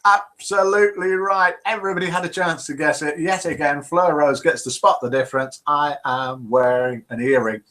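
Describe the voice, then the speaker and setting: A man's voice: medium pitch, pushed and bright. An older man from England with a Midlands accent, hosting a live call-in show in a cheerful, chatty way and reading out viewer messages. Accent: English Midlands. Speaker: host. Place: home room.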